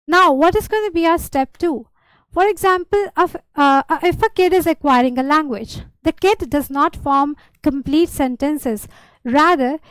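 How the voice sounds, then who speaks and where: A woman's voice: high voice, no room sound, rough recording. A woman patiently teaching a beginner lesson, repeating words and giving simple examples. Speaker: language teacher.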